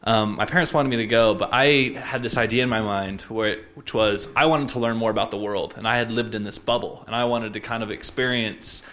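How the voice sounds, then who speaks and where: A man's voice: on the low side, steady tone, a bit bright. Young man telling a personal story. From Utah. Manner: reflective, halting, many fillers and restarts. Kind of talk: personal story, casual talk.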